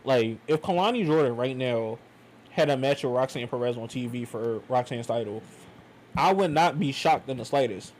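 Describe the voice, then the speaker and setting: A young man giving a loose, slangy, rambling wrestling review, animated and casual. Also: medium pitch, normal speed, slight background noise, low-quality recording.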